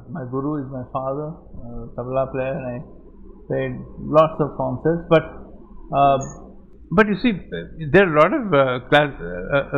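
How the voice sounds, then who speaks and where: A man speaks to a room of students, spinning stories with plenty of "uh" and "you know" and checking in with "okay?". His voice sits fairly high for a man. The recording is muffled and lo-fi. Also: vocal fry. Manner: animated storytelling, many fillers, rhetorical questions. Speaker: guest speaker. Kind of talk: lecture and Q&A with students.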